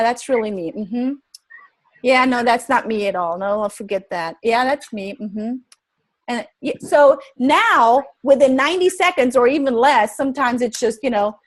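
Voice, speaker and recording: A woman leads a live webinar class. Her voice sits a little high, and she keeps the pace energetic, throwing questions at her listeners as she teaches. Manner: energetic, asks the audience questions. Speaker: webinar presenter.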